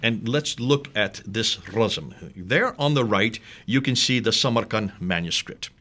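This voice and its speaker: A man's voice: on the low side, lively intonation, unhurried, sharp tone. Emphatic American man explaining. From United States. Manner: emphatic, explanatory, asks leading questions. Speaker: co-host. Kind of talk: conversational discussion on manuscripts.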